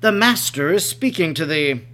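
A man's voice: fairly high pitch, animated, normal speed, sharp tone. A man voicing the apostle Peter, earnest and impulsive, with archaic exclamations. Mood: zealous.

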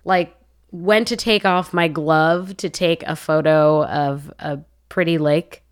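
A woman's voice: low-pitched, steady tone, takes it slowly, clear, resonant tone. A woman co-hosting a podcast, chatting in a playful, giggly, casual way. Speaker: podcast co-host. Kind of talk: casual chat.

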